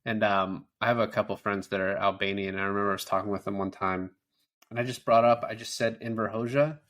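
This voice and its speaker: A podcast co-host with a lowish, fairly bright voice talks fast in a steady tone during a casual film-review chat. He discusses the movie with plenty of swearing and acts out lines from its scenes.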